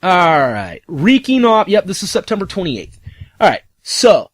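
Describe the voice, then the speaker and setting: High-voiced man ranting, profane. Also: very animated, measured pace, no room sound. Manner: profane, rhetorical questions. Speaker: commentator. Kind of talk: casual ranting commentary.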